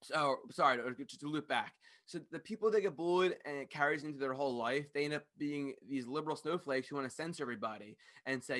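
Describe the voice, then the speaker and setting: A man hosting a podcast, ranting fast, loud and passionate into a studio microphone, swearing freely. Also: a little high. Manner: fast-talking. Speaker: podcast host. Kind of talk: ranting monologue.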